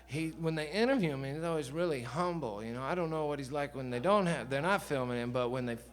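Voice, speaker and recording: A man's voice: a little high, fast talker. Chatty man telling a story on stage. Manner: loose, chatty, with swearing and laughs. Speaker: singer-songwriter on stage. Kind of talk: rambling storytelling between songs. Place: live concert venue.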